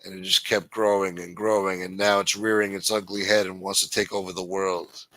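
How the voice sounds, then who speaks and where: Profane, forceful low-voiced man. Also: flat delivery, brisk, low-quality recording. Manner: profane, angry, blunt. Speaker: host. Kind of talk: livestream political rant.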